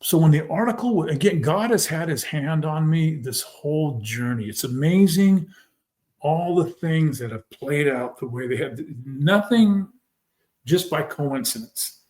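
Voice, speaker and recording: Fervent storytelling man, slightly high voice. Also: measured pace. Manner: animated, retells scenes by quoting people; emphatic, fervent. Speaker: podcast guest, former football player. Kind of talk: personal storytelling in a conversation.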